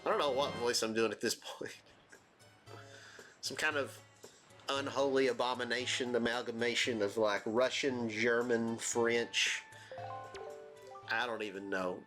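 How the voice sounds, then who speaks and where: A man's voice: medium pitch, little pitch movement, a little slow, pauses often, fairly bright tone, faint music behind. A man casually commenting on a game he plays, joking and self-deprecating. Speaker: let's play host.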